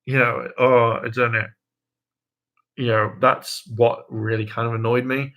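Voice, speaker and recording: A young man hosts a casual livestream, rambling hesitantly with plenty of ums and restarts, sometimes switching to a high, mocking voice to quote people. His tone is level and unhurried, and the audio sounds dull.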